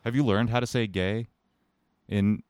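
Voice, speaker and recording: A man co-hosting a podcast in casual chat, rambling along with deadpan, crude jokes. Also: lowish voice, a little slow, no echo, clean studio sound. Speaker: podcast co-host.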